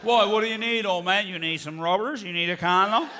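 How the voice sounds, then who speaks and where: A man's voice: high-pitched, brisk, pushed and bright, slight background noise. A man playing a chatty, profane older Newfoundland man giving rambling directions, with a Newfoundland accent. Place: theatre stage.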